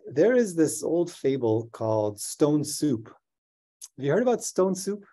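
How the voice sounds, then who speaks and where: A male scientist in a conversational interview, telling an animated story and laughing often. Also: fairly high pitch, unhurried. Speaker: scientist guest.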